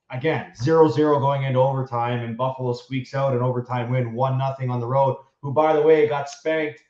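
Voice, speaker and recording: A man's voice: mid-range voice, darkish tone, echoey room, lo-fi sound. A man, a former hockey player, co-hosting a casual sports betting chat with conversational, emphatic bursts.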